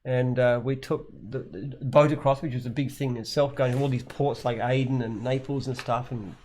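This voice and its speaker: An Australian man in his usual middle pitch talks in a plain, unpolished way. He wanders through his answers, restarting sentences as he goes, like a founder chatting loosely on a live show. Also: steady tone, moderate pace, a little mellow. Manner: plainspoken, rambling, frequent restarts. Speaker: company founder and CEO. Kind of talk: casual live Q&A chat.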